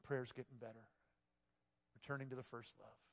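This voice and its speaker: A male pastor preaching a sermon, moving between hushed, intimate passages and loud, emphatic exclamations. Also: medium pitch, steady tone, normal speed, vocal fry. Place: church sanctuary. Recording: long reverb of a large church hall.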